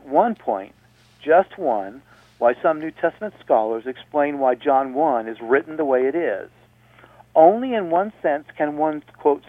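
A man's voice: on the high side, no echo. Man teaching on phone-like radio. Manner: explanatory, repeats points patiently. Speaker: radio host. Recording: dry, phone-like radio audio.

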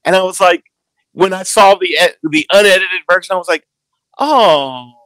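A middle-aged man co-hosting a podcast, with a slightly high voice and a close, dry sound. He tells stories animatedly and acts out the lines he quotes. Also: steady tone, brisk, pushed and bright, no echo. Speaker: podcast co-host. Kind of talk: casual chat.

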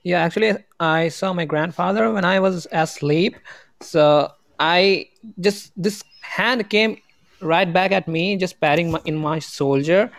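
A man's voice: high-pitched, a little slow, gravelly, a bit bright, no room sound. A man from India calling into a podcast, speaking hesitantly as he searches for words. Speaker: caller. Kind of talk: casual call-in chat.

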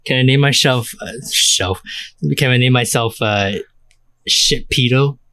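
A man's voice: mid-range voice, unhurried, pushed and bright, clear, resonant tone, dry recording. Crude, rambling male podcast co-host. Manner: rambling, crude, lots of fillers. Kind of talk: casual chat.

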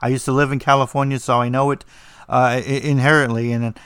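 A man's voice: mid-range voice, little pitch movement, brisk, a bit bright, clear, resonant tone, no echo, studio quality. A man with a New Jersey accent, teaching about writing in a blunt, rambling, joking way with lots of fillers. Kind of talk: casual monologue.

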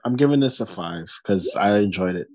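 A man's voice: on the low side, lively intonation, a little fast, darkish tone, dry recording. A man co-hosting a podcast, joking about a TV episode in casual chat and acting out quotes. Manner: jokey, acts out quotes. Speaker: podcast co-host. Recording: dry sound.

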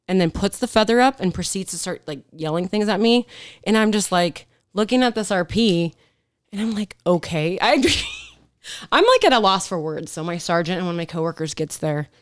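Animated swearing woman cop telling stories. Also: fairly low pitch, normal speed, no echo, clean studio sound. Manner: animated storyteller, swears freely, acts out quotes. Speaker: police officer. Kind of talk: casual podcast chat.

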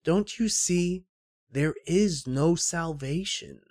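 A man voicing a sorrowful, weary old man who speaks softly and solemnly, in a read-aloud book passage. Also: a little high, slow, voice pushed up.

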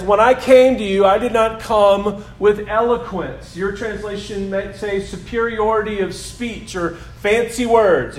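A man preaching a sermon as pastor of a new church, animated and emphatic, at times dropping to a soft, quiet voice. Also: sits high, echoey room, poor audio. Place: church sanctuary.

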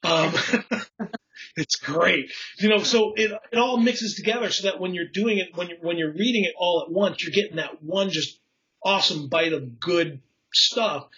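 A man's voice: high voice, moderate pace, bright, forceful tone, highs cut off. A man in casual conversation explaining poetry, rambling with restarts and fillers and chuckling at his own slips. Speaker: poetry enthusiast explaining craft.

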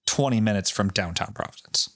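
A man's voice: fairly low pitch, fairly quick, dry recording, clean studio sound. Profane Rhode Island man telling a legend. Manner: profane, off-the-cuff and animated. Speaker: podcast co-host. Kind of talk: casual chat, storytelling.

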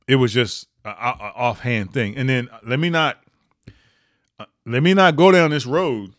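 A man hosting a podcast, giving opinionated year-end commentary with emphatic delivery and sudden high rises on stressed points. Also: fairly bright tone, dry recording, clean studio sound. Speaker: podcast host.

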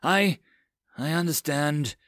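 Man doing young noble commander, stammering, nervous, higher voice, dry sound. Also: slow, a bit bright, no room sound. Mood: flustered.

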